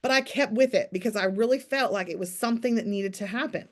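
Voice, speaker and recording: A woman with a mid-range voice speaks at a quick pace while leading a morning business call on video. As team leader she offers chatty, direct coaching and motivation, calling on people by name.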